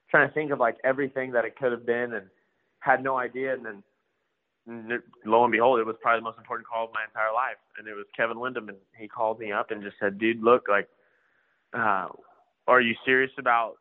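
A man's voice: medium pitch, narrow, tinny audio. Laid-back man, phone-thin sound. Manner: laid-back, slangy, acts out quoted dialogue. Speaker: motocross rider and trainer. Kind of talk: casual storytelling interview.

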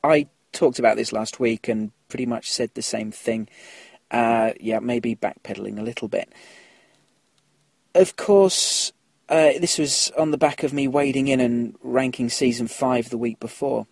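A man's voice: medium pitch, unhurried, creaky, darkish tone, breathy edge, no room sound. A man hosting a casual podcast, chatting through listener emails and laughing at his own slips.

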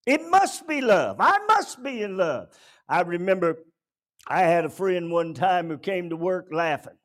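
Man, pastor, church sermon, high voice, lively intonation, loud and soft turns. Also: measured pace. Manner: dramatic preaching, swinging between loud bursts and quiet asides.

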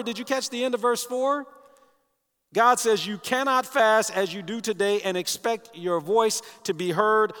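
A man with a high, light voice delivers an earnest sermon from the pulpit of a large church. His declarations build in emphasis, and a long reverb trails each phrase through the sanctuary. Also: a bit bright. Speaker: pastor.

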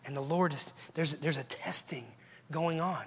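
In a church sanctuary, a male pastor preaches a sermon, earnestly pressing his listeners with repeated questions. His voice sits on the high side, a bit bright and husky, at normal speed, echoing in a large hall.

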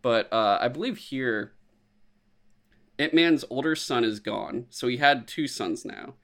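A man chatting casually as a podcast co-host, animated and profane, acting out quotes in silly voices. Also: mid-range voice, a little slow. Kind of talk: casual chat.

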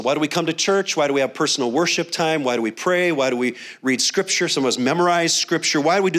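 A man's voice: on the high side, a bit bright. A middle-aged man preaching a sermon in a conversational, storytelling way, often restarting phrases. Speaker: pastor.

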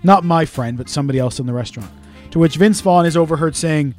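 A man's voice: on the high side, a little mellow, faint music behind. A man co-hosting a podcast in casual chat, telling stories with lots of swearing and acted-out quotes. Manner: fast, swearing storyteller who acts out quotes. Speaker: podcast co-host.

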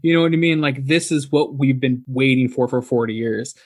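A man's voice: medium pitch, fairly quick. A young man co-hosting a casual movie review podcast, chatty and full of fillers. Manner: chatty, filler-heavy, lots of "like" and "you know". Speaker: podcast co-host.

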